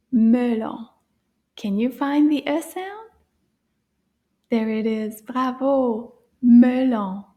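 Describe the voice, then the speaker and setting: A high-voiced woman leads a children's French lesson at a very unhurried pace. Her tone is gentle and playful, slipping into soft hushed asides and little gasps of surprise. The voice is mellow rather than bright. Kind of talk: slow, encouraging kids' lesson.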